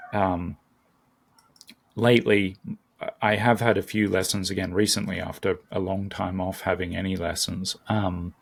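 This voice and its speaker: A man's voice: sits low, gravelly. A man, a guest in a casual conversation, talking thoughtfully with frequent ums and restarts. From Australia. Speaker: guest, language learner and YouTuber.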